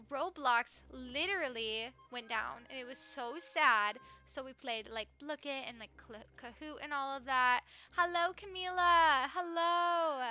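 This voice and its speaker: A woman's voice: sits high, pushed and bright. A young woman live streaming a video game, chatting bubbly with her viewers and greeting them while she plays. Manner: bubbly, chatty, reads viewer comments aloud. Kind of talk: live gameplay stream chat.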